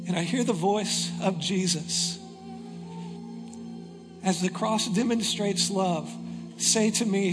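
A man preaching a sermon, reading scripture dramatically and dropping into hushed, intense passages. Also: high voice, takes it slowly, pauses often. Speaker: pastor. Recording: long reverb with music underneath. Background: soft music.

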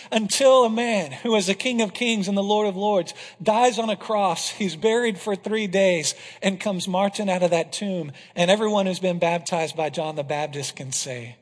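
A male pastor preaching a passionate sermon to his congregation, swinging from loud declarations to hushed, intense moments. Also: high voice, moderate pace, few pauses. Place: church hall. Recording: reverberant hall.

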